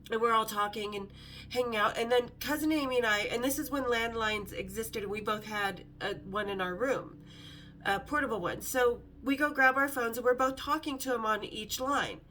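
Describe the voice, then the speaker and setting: A woman's voice: a little high, moderate pace, bright, forceful tone, slight background noise. A middle-aged woman hosting a vlog, telling brash, sarcastic stories in a casual, swearing way. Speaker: vlog host. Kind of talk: casual storytelling to camera.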